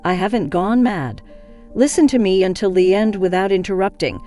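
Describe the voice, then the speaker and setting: A woman's voice: medium pitch, normal speed, warm tone, natural voice. A woman voicing a remorseful elderly former midwife in a confessional, pleading manner, in an audio story. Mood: earnest. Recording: faint music behind.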